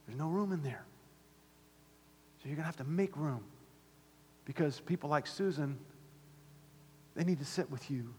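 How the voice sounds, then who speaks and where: A pastor preaching a sermon to his church, swinging from fervent high calls to low, quiet points. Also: normal speed, long pauses, breathy edge. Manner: impassioned, rising to near-shouts then dropping low. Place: church sanctuary. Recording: long hall reverb.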